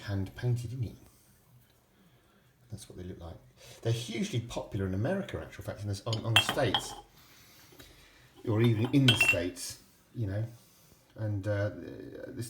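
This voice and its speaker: A middle-aged man, chatting in a jokey, rambling way while he shows things around his home kitchen on a handheld camera. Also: fairly low pitch. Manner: chatty, jokey, self-interrupting. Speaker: vlogger. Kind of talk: casual rambling home vlog. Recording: home video with background noise.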